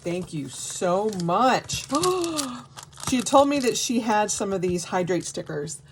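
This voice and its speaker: A woman vlogger unboxing mail in a casual chat, gushing and excitable with frequent gasps and exclamations. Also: medium pitch, a little slow, slight background noise. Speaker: crafting vlogger.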